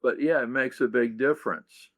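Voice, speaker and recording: A man's voice: medium pitch, fairly bright tone, no echo. A man, a leadership author talking thoughtfully in an interview and acting out example questions. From United States. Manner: slow, gravelly, thoughtful, acts out quoted questions. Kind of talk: reflective interview talk.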